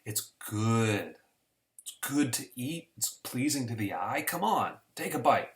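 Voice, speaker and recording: A man's voice: mid-range voice, very animated, a little slow. Man doing a sly, coaxing serpent.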